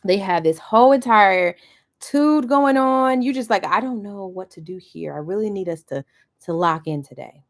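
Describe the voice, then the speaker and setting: A woman's voice: medium pitch, moderate pace. A woman coach giving a motivational masterclass, talking animatedly, acting out quoted voices and checking in with her listeners. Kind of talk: motivational talk.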